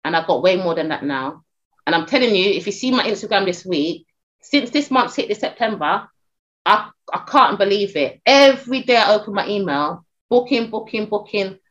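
A middle-aged woman talks on a podcast in an animated, storytelling way. She restarts her sentences often and keeps a casual, lively flow. Her voice sits at an ordinary middle pitch. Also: normal speed, dull audio. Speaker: talent agent and podcast guest.

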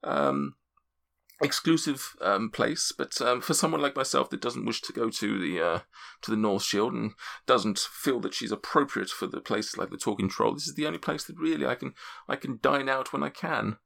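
A man's voice: mid-range voice, expressive, normal speed, gravelly, fairly bright tone, pitched above the performer's own voice. A genteel fantasy townswoman, voiced by a man in a raised, prim register. She hesitates often and sounds refined. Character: refined woman, well-to-do townsfolk.

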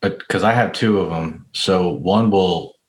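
A man's voice: low voice, unhurried, reverberant. A man co-hosting a podcast in casual chat, tossing in dry joking asides. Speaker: podcast co-host.

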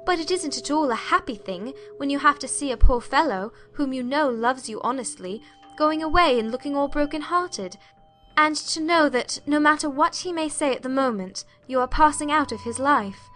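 A woman's voice: high voice, animated, moderate pace, a bit bright, a little hiss or hum. A woman narrating a period story as a heartfelt letter, in an emotive, confiding reading. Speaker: audiobook narrator.

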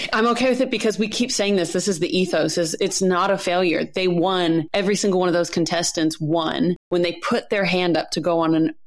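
A bubbly woman, co-hosting a podcast with a playful, chatty manner. Her voice sits a little low for a woman. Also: fairly even intonation, brisk, hardly any pauses. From New Zealand. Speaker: podcast co-host. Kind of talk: casual podcast chat.

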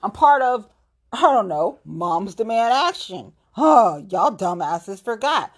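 A woman's voice: medium pitch, big pitch swings, takes it slowly. A woman from Ohio, a local political activist, delivering a blunt, profane, confrontational rant to the camera. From Ohio, USA.

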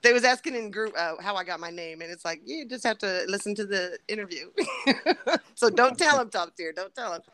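Laughing, playful podcast host. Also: female voice, mid-range voice, brisk, crowd noise. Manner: laughs often, playful teasing. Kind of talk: casual chat.

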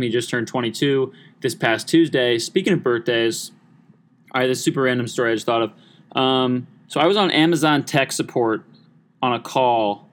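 A man's voice: mid-range voice, a bit bright, clear, resonant tone. A young man hosting his own podcast, chatting casually and rambling through a story with many restarts. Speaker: podcast host. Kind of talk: casual solo podcast chat.

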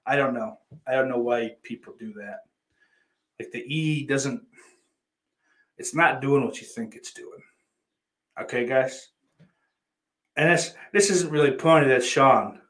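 A man's voice: medium pitch, a little slow, pauses often, a bit bright. Profane rambling male streamer. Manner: profane, rambling, teasing viewers. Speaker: livestream host reading chat. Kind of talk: casual live-stream chat.

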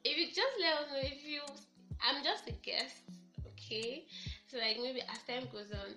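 A young woman with a Nigerian accent, a podcast guest telling stories in an animated, laughing way. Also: high voice, normal speed. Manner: animated storytelling, laughs often. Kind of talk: casual podcast chat. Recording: echoey room with faint music.

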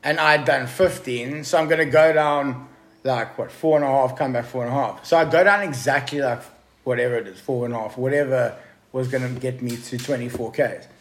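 A man's voice: medium pitch, fairly quick. A man telling a story casually to a podcast host, swearing freely and calling him bro. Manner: profane, excitable storyteller addressing the listener as bro. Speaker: podcast guest.

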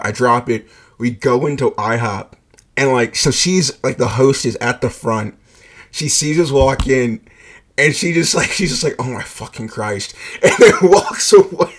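A man casually telling a personal story, swearing freely, leaning on "like" and laughing along as he goes. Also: medium pitch. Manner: laid-back, profane, heavy use of "like", laughs often.

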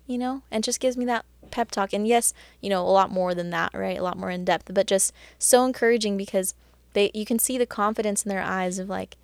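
A woman talks through a casual faith chat at a middling pitch, chatty and earnest, with lots of "like" and "you know". Her voice sits close and dry, with no room sound around it. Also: a little fast, gravelly, dry recording. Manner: earnest and encouraging. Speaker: Christian podcast host.

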